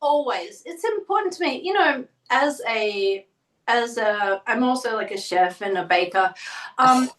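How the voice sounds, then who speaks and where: A woman's voice: on the high side, expressive, unhurried, a bit bright. A middle-aged woman telling stories as an interview guest, chatting casually and acting out quotes. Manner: chatty storytelling, acts out quotes. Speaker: guest, painter. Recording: roomy, from a distance.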